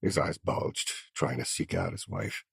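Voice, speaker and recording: Brief: deep menacing male narrator, lively pitch, dry booth. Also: a little slow, gravelly, husky, no room sound. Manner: menacing, growling first-person mob boss. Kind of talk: scripted audiobook narration.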